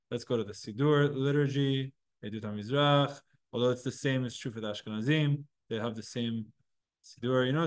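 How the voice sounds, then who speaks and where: A man teaching a Talmud class, explaining step by step in a casual way and posing and answering his own questions. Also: mid-range voice. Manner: casual, conversational with students.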